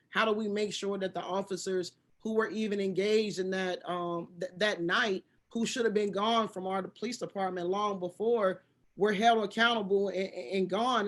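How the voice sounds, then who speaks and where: A woman speaking as a panelist in a discussion, halting and searching for her words. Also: mid-range voice.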